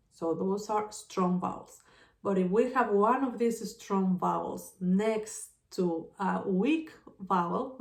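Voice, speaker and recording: A woman gives a language lesson at a slow, careful pace. She repeats each example word so learners can hear the stress. The room sounds echoey around her voice. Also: medium pitch, darkish tone. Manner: patient, repeats example words slowly. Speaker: Spanish teacher.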